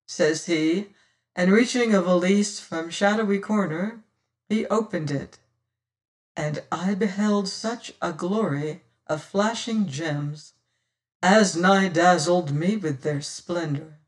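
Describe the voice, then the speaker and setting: Slow, measured period-novel narrator. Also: mid-range voice, far from the mic. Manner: measured, old-fashioned storytelling. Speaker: audiobook narrator.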